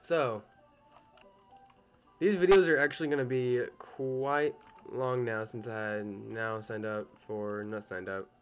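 A man's voice: medium pitch, steady tone, takes it slowly, soft background music. A young man casually commentating a game he is playing at home, chatty and easily annoyed, swearing at the game now and then. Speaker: gameplay commentator.

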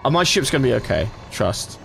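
A man's voice: mid-range voice, big pitch swings, fairly quick, vocal fry, fairly bright tone, faint music behind. A man commentating live as he plays, swearing and talking to his chat. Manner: swearing, frustrated, talks to chat. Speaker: gaming streamer.

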